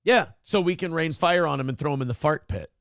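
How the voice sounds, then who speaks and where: Gravelly-voiced joking male co-host. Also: fairly high pitch, fairly quick, a bit bright, dry recording, clean studio sound. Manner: joking, drifts into storytelling voices and sung lyrics. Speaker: morning show co-host. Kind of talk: irreverent comedic podcast banter.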